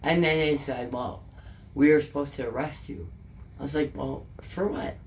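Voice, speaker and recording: A woman's voice: a bass voice, normal speed, darkish tone, slight background noise. A woman with a Canadian accent, telling an emotional story in a casual interview, swearing often and repeating herself. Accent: Canadian English.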